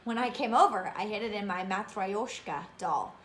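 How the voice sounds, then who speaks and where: A woman's voice: mid-range voice, normal speed, echoey room, lightly acted. A woman voicing a kindly old Polish woman who cooks at a shelter, in a put-on Polish accent and a fussy, doting manner. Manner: fussy, doting, calls the boy dearie.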